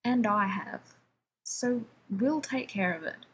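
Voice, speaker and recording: A laid-back male team leader, read by a woman in a storybook-style reading. His lines come dry and low-key, meant to smooth things over, at a slow pace. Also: animated, full character voice.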